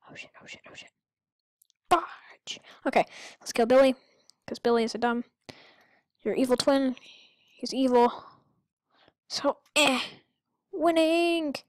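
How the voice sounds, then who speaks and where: A higher-pitched woman narrates her own gameplay in a slow, drawn-out way. Her talk rambles and turns goofy, breaking into sudden squeaky outbursts. The sound is dry, with no room around it. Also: no room sound. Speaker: gamer. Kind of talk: let's-play commentary.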